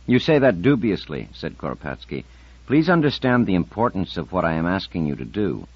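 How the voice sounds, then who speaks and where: A man's voice: sing-song, a little fast, husky, no room sound, muffled recording. A man narrating an audiobook, lifting his voice for the characters' dialogue. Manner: lifts pitch and volume for spoken dialogue.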